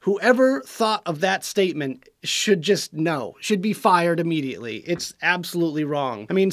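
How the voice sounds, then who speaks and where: Frustrated, ranting high-voiced man. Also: dry recording, studio quality. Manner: frustrated, ranting, sarcastic about news coverage. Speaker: vape show host. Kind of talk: casual video commentary.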